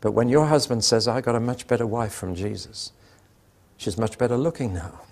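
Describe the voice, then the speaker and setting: An older preacher gives a sermon in a husky, slightly breathy voice at an everyday middle pitch. He tells stories with dry humour and acts out the back-and-forth of conversations. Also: lively intonation, normal speed, darkish tone.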